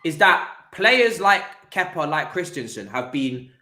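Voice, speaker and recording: A man hosting a casual football podcast, talking in an animated way with frequent restarts and repeated words. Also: a little high, measured pace, reverberant. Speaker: podcast host.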